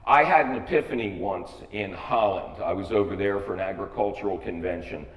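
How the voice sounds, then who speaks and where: A man's voice: low-pitched, fairly quick. An older American man giving a humorous public talk, with a wry, joking and emphatic delivery. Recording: echoey hall, voice from far off.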